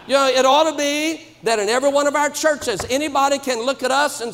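A man preaching a sermon to a congregation, emphatic and swinging from quiet asides to shouted points. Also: very high voice, a little fast, a little hiss or hum. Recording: long reverb of a church hall.

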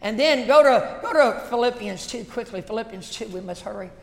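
A man, a pastor telling a folksy story in a sermon that builds to shouted passion. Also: sits high, lively intonation, brisk, creaky, slight background noise. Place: church sanctuary. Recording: echoey church hall.

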